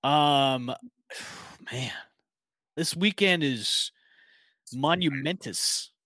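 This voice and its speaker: Male co-host, slightly high voice, excitable and rambling, dry close sound. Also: drawn-out words, dry recording. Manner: excitable, rambling, many restarts. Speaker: podcast co-host. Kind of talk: casual chat.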